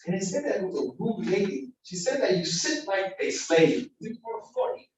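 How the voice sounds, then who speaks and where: A man's voice: high-pitched, animated, moderate pace, a little mellow. Man preaching casually in an echoey hall. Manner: casual, slangy preaching that acts out everyday dialogue. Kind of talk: informal sermon. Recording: echoey hall, distant mic, faint noise.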